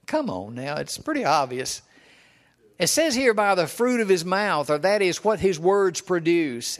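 Folksy older man preaching. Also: on the high side. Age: 70s. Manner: homespun, chuckling, storytelling. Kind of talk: folksy sermon with personal stories.

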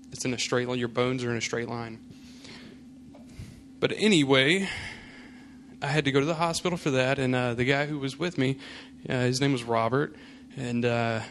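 A man's voice: medium pitch, slight background noise. Casual, storytelling male pastor. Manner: casual storytelling, many fillers. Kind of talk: sermon with personal anecdote.

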